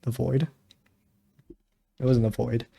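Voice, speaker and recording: A man's voice: medium pitch, slow pace, vocal fry, slightly rough. Man recapping a show, casual podcast. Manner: animated recapping storyteller. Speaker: podcast co-host.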